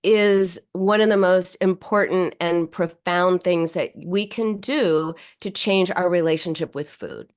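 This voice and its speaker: A woman's voice: on the low side, a little slow, few pauses. A woman psychoanalyst speaking as a guest on a podcast interview, explaining her ideas and acting out quoted self-talk.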